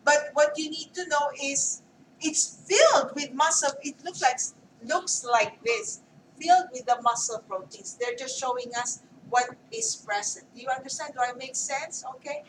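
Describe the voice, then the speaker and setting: A woman teaching an anatomy class, her voice pitched high and often rising into "okay?" checks as she quizzes students. She sounds set back from the microphone in an echoey classroom. A faint hum of the room sits under her. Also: moderate pace, a bit bright. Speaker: anatomy lecturer. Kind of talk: classroom lecture. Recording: roomy classroom mic from far off.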